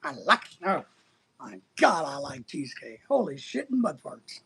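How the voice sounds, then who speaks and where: A man's voice: a little high, big pitch swings, moderate pace, vocal fry, a bit bright, breathy edge. A middle-aged man hosting a casual livestream, reading out chat and rambling in a crude, joking way.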